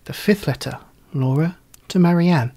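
A man reading a classic story aloud as storyteller, in a measured, theatrical manner suited to period prose. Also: on the high side, dark tone.

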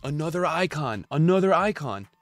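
A man's voice: on the high side, animated, moderate pace, dry recording, soft background music. A young man streaming a pack opening, hyped and chatty, talking straight to his chat. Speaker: gaming streamer.

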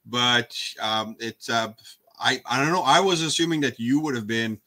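A man's voice: mid-range voice, moderate pace, bright, forceful tone. A man interviewing a guest in a casual conversation, asking plain, curious questions.

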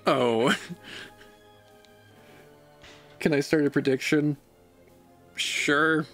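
A man's voice: on the high side, fairly even intonation, drawn-out words, fairly bright tone, soft background music. A man streaming a game and chatting casually, laid-back and joking at his own expense. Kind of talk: casual gaming livestream chat.

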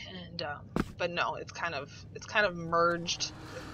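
A woman's voice: lowish voice, steady tone, unhurried, sharp tone, muffled recording, a little hiss or hum. A woman from Minnesota with a blended Minnesotan and Texan Southern accent, chatting casually and rambling on a live stream. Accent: mix of Minnesotan and Texan Southern US. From Minnesota, USA. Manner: rambling, chatty, lots of fillers and laughs.

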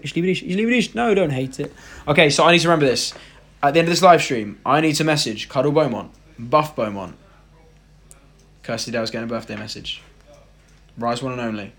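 A man's voice: mid-range voice, a little fast, long pauses, a bit bright. A young man hosting a casual live stream, reading out viewer comments and joking around. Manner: chatty, reads out viewer comments, jokey.

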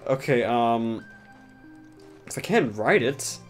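A man's voice: medium pitch, animated, slow pace, faint music behind. A young man giving casual gameplay commentary as a streamer, chatty and sarcastic, swearing often and slipping into mock-dramatic asides.

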